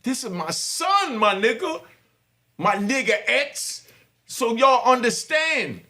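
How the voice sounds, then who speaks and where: A middle-aged man talking to his viewers with fervent, preaching passion and bursts of shouting. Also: extremely high pitch, big pitch swings, slow pace. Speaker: host. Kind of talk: impassioned talk to viewers.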